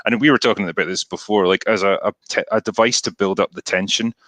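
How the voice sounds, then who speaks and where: Scottish male host, very low voice, bright forceful tone, relaxed rambling film chat. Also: fast talker, no room sound. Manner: relaxed, rambling retelling with fillers. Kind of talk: casual chat about films.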